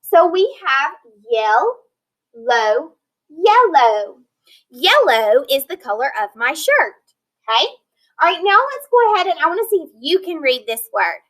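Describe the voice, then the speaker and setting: A woman teaches phonics in a recorded lesson, breaking words into syllables and sounding them out slowly for her students. Her voice sits high and sounds bright. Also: sing-song, rough recording. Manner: slow, clear modeling of word sounds with praise and prompts.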